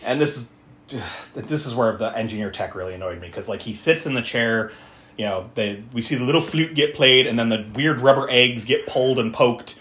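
A man hosting a podcast, recapping a film in casual chat, animated, laughing and swearing as he acts out the characters. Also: mid-range voice, normal speed. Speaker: podcast host.

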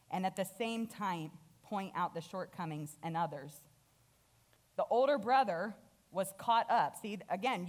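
A woman guest speaker preaching a sermon, retelling a parable and acting out the characters' lines with lively energy. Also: mid-range voice.

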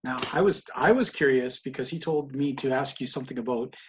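A man's voice: mid-range voice, brisk, slight background noise. A man hosting an interview, asking eager, curious questions in a casual way. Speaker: host.

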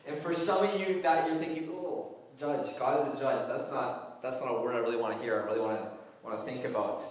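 A man giving an informal, joking sermon to young people as a youth pastor, in a lively conversational way. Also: medium pitch, far from the mic. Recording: very echoey room.

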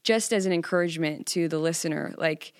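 Lady podcast guest, chatty and jokey, kinda low voice, dry mic. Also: a little fast, clear, resonant tone, dry recording. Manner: chatty, lively, self-joking. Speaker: podcast guest, Bible class teacher. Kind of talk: casual chat.

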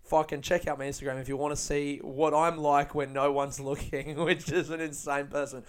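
A man hosting a podcast, telling stories in an animated, sweary way and laughing often. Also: on the high side, normal speed, clear, resonant tone. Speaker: podcast host and stand-up comedian. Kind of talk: casual podcast monologue.

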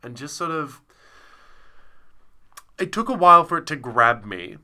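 A man's voice: fairly high pitch, lively intonation, unhurried, bright, forceful tone. A man co-hosting a podcast, chatting casually and rambling with lots of fillers as he recounts a show he saw. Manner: rambling, self-interrupting with many fillers. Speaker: podcast co-host. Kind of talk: casual chat reviewing a show.

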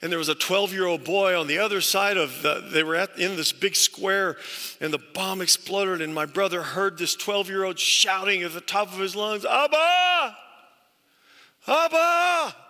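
A man's voice: high-pitched, steady tone, normal speed, bright, forceful tone, long reverb tail. A male pastor preaching a sermon, telling stories earnestly and stressing points through repetition. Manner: earnest storytelling with emphatic repetition.

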